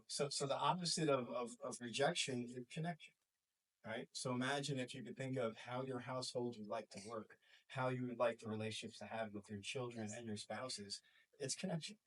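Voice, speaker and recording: A man in his forties from New York with a New York accent, a school counselor talking to a small group and acting out quoted voices. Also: medium pitch. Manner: animated, acts out quoted voices. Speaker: school counselor and life coach. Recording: voice from far off the mic.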